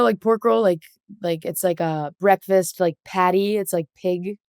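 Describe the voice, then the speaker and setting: A woman's voice: fairly low pitch, measured pace, clear, resonant tone, no echo, clean studio sound. A woman from South Jersey, a podcast guest, explaining things earnestly and at length. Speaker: guest athlete. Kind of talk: casual interview chat.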